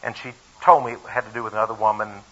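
A man's voice: fairly low pitch, little pitch movement, fast, a bit bright, slightly rough. A man preaching a sermon before a live congregation, reading scripture and telling a personal story, emphatic and fond of rhetorical questions and repeated phrases. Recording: dull lo-fi recording.

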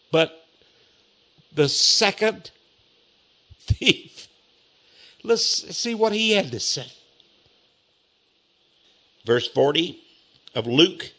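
A man preaching a sermon, emphatic, repeating key phrases and reading scripture slowly. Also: medium pitch, animated, vocal fry, a bit bright.

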